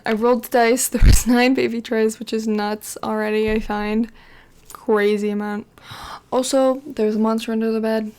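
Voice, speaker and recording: A woman's voice: on the high side, a little mellow. A woman giving casual, rambling commentary over her life-sim gameplay, with frequent fillers and chatty asides.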